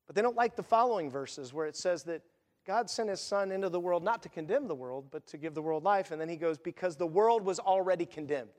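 High-voiced preaching man in a reverberant church. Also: expressive, fairly quick, darkish tone. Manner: conversational preaching with asides and acted quotes. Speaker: pastor. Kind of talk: sermon.

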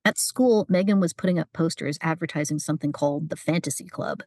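Low gravelly woman reading a novel aloud, husky, dry close mic. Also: a little fast, darkish tone, dry recording. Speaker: narrator. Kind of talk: audiobook narration.

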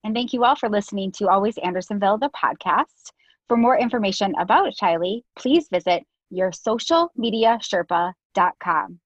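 A woman's voice: mid-range voice, animated, normal speed, no echo. A woman hosting a podcast over a video call, asking questions in an easygoing way and thanking her guest. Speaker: podcast host. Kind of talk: casual interview. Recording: dry video call audio.

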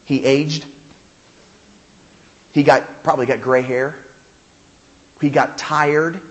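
A male pastor preaching a sermon, animated and emphatic, with humor and rhetorical questions. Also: on the high side, slow pace, dull audio.

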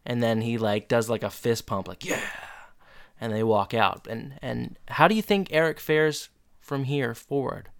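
A man co-hosting a casual podcast, retelling scenes in a relaxed way. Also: medium pitch, moderate pace, gravelly. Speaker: podcast co-host. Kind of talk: casual chat recapping a show.

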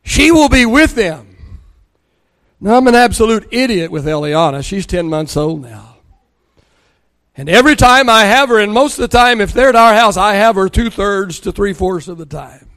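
At a moderate pace, a high-pitched older pastor preaches and shares family stories. He acts out the conversations, getting more excited as he goes.

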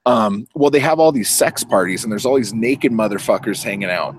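A man recaps a film in a casual chat, swearing a lot and acting out the characters' lines as he tells it. His voice is on the low side and fairly quick, with slight background noise behind him.

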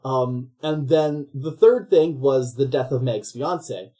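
Mellow-voiced podcast host recapping a film. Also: mid-range voice, slow. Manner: rambling, animated storytelling with voices. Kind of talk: casual comedic film recap.

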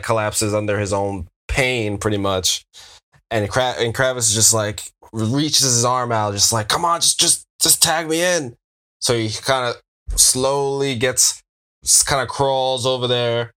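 A man narrating a tabletop wrestling game as game master, in a loose, relaxed manner. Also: mid-range voice.

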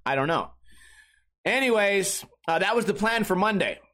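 A man's voice: high voice, lively intonation, moderate pace, pushed and bright. A young man hosting a comedy podcast alone, rambling in a crude, casual way with many restarts. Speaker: podcast host.

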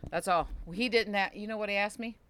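A woman co-hosting a casual podcast chat, telling a story with lively acted-out quotes and sound effects. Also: medium pitch, a little fast, slight background noise. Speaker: podcast co-host.

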